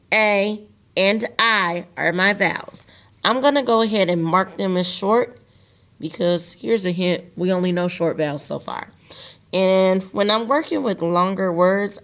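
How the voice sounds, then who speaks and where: A woman teacher giving a recorded virtual phonics lesson, patient and repetitive, slowly drawing out words for her students. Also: mid-range voice, fairly bright tone. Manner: patient, repeats key phrases and stretches words out for students.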